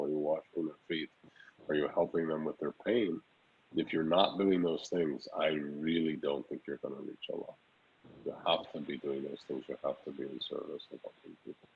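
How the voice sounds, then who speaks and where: A man, a Sufi teacher, gently answering a student's question, repeating phrases as he speaks. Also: rumbling low, slightly rough, lo-fi sound. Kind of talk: spiritual teaching in Q&A.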